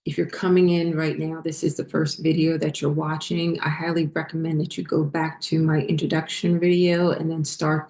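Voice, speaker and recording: A woman hosting a spiritual vlog, talking unhurriedly with many fillers as she glances at her notes, her voice getting hoarse. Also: low voice, darkish tone. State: losing her voice. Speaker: spiritual channel host.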